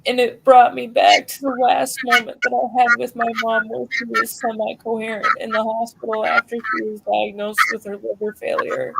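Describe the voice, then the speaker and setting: A young woman speaking heartfelt and halting about her late mother, at times swearing, as a grieving daughter on a livestream. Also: fairly high pitch, little pitch movement, vocal fry, background noise. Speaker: grieving daughter sharing a memorial tribute. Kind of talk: emotional personal talk on a livestream.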